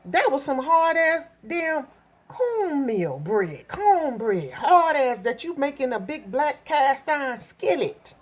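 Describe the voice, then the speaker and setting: A middle-aged woman from Minnesota telling a story in a blunt, profane, animated vlog rant. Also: high-pitched, takes it slowly. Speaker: vlogger.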